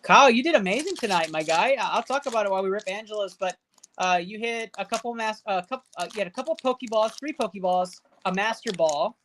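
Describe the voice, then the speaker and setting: A woman with a mid-pitched voice runs a casual live stream from an indoor setup, counting up card values out loud in quick running tallies. She cheers and banters with the viewers in chat between counts. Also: slight background noise. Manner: rattles off running card value totals aloud. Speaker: livestream host opening card packs.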